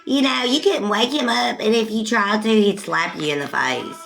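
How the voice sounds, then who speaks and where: A woman's voice: mid-range voice, normal speed, gravelly, a bit bright, rough recording. Talkative woman rambling on a livestream. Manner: talkative, rambling, laughs often. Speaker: livestream host. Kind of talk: casual livestream chat. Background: music.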